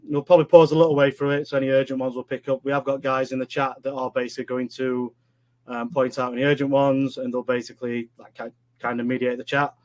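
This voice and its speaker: A Yorkshire man co-hosting a live online webinar in loose, jokey chat. His voice sits at an ordinary middle pitch, and he keeps calling the viewers "mate" as he reads out their names. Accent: Yorkshire English. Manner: chatty, jokey, says "mate" a lot. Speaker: webinar co-host. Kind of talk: casual live-stream chat.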